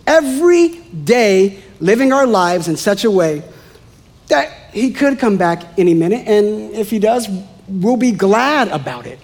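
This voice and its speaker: A man with a strikingly high voice preaches to his congregation. He talks in a conversational, animated way and slips in playful asides between points. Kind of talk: sermon.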